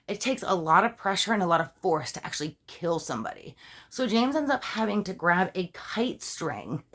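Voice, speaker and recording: A woman's voice: fairly low pitch, very animated, normal speed, a bit bright. Chatty woman telling a true-crime story. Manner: chatty, digressive, full of fillers and asides; talks straight to viewers with questions.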